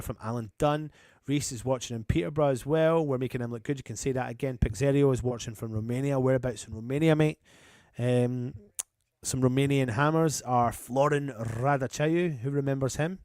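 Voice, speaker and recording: A man's voice: medium pitch, darkish tone, no echo, clean studio sound. A man hosting a live football watchalong, calling the play and chatting with viewers in a matey way. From England. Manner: chatty and matey, breaks off commentary to greet viewers. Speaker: fan channel host doing a live match watchalong. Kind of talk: live match commentary mixed with reading out viewer comments.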